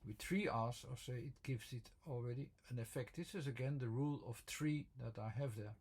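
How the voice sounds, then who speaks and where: Hesitant man with a gravelly, husky voice. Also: medium pitch, fairly quick, a little mellow. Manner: hesitant, many fillers and restarts. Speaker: video presenter explaining his word-form theory. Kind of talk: unscripted explanatory talk.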